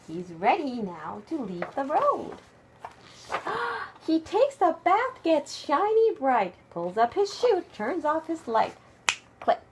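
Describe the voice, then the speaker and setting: Animated woman reading a bedtime story. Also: sits high, background noise. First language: Japanese. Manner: animated, expressive, hushed at times. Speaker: parent reading a picture book aloud. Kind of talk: bedtime story read-aloud.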